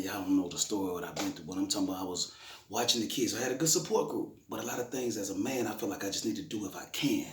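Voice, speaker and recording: Middle-aged man, slightly low voice, grieving father, loose conversational storytelling, roomy echo. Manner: conversational, repeats himself, frequent "you know what I'm saying". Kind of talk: emotional personal storytelling. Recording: roomy echoey room.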